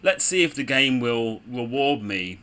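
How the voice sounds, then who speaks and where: A man's voice: mid-range voice, expressive, measured pace, pushed and bright, clear, resonant tone. A man giving casual, chatty commentary on a game with sarcastic asides. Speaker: gaming video host.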